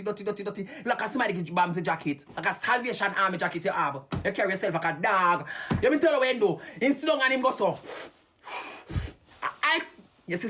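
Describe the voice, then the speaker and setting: A woman's voice: fairly high pitch, a bit bright. A Jamaican woman ranting heatedly and cursing on a live stream.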